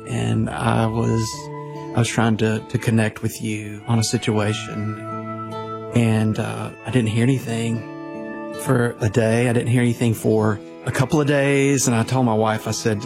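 Earnest gravelly-voiced man in his 50s. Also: mid-range voice, monotone, music in the background. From Louisiana, USA. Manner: earnest, halting with restarts and fillers. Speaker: minister, guest storyteller. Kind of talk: personal storytelling.

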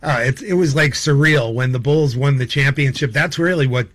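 A man's voice: medium pitch, moderate pace, fairly bright tone. A man guesting on a radio interview, rambling and enthusiastic with frequent chuckles. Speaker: comedian guest.

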